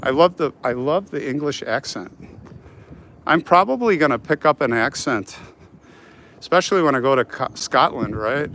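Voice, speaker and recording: A middle-aged man from the United States live-streams as he walks outdoors along a city street, rambling amiably, addressing viewers directly and reading out their comments. He speaks at a moderate pace in an expressive, medium-pitched, slightly bright voice, with faint traffic and street sounds behind him.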